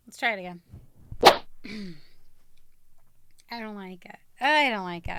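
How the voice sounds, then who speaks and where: Bright high-voiced woman vlogger. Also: lively intonation, measured pace, smooth, no echo. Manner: upbeat on intros, then mutters softly to herself between retakes. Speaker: beauty and fashion vlogger. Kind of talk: casual on-camera vlog with retakes.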